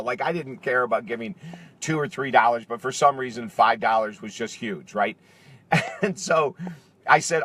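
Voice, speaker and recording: A middle-aged man, an author and speaker, tells a personal story straight to camera and acts out the dialogue with lively energy. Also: mid-range voice, fairly quick. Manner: animated, acts out quoted dialogue. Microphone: camera facing speaker.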